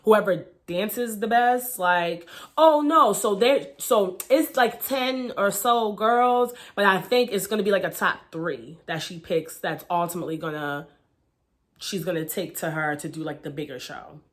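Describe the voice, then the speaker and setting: A woman's voice: medium pitch, unhurried. Woman, young adult, casual profane vlog recap, chatty, frank. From Baltimore, Maryland. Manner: blunt, profane, chatty with many fillers. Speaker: reality show reviewer.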